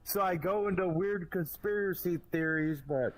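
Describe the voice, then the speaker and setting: Casting: male podcast guest, halting and loose, drifting into odd theories. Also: high voice. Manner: halting, loose talk full of fillers and swearing. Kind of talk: casual podcast chat.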